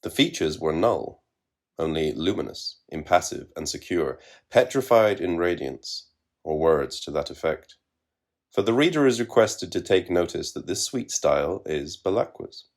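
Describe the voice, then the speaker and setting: A man narrating literary fiction in a measured, wry reading. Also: low voice, animated.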